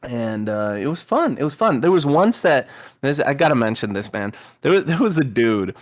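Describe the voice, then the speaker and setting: A young man in casual chat, telling a tournament story with lively acted-out quotes and frequent laughter. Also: normal speed. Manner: animated storyteller, acts out quotes with big pitch jumps, laughs often.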